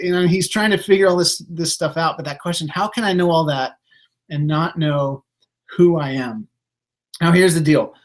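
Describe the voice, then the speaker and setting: A man preaching a casual, conversational sermon, with many fillers and restarts. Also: fairly high pitch. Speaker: pastor.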